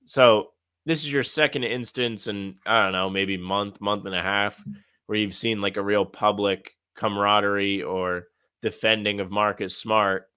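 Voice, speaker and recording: A man co-hosting a casual sports podcast, talking in an animated, ranting way with some sarcasm. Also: lowish voice, unhurried, smooth. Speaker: podcast co-host.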